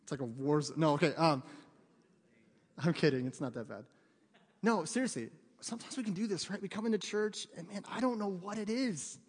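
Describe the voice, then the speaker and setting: A man's voice: sits high, fairly quick, slightly rough. A man in his thirties preaching a conversational sermon, mixing jokes with fervent emphasis in a church. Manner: conversational, joking asides, rising to fervent emphasis. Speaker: pastor. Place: church sanctuary. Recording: long reverb of a church hall.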